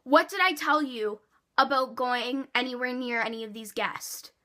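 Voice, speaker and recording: A woman's voice: high voice, normal speed, bright, forceful tone. A woman imitating a stern male hotel security guard barking orders in a vlog story. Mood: bossy. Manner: bossy, ordering.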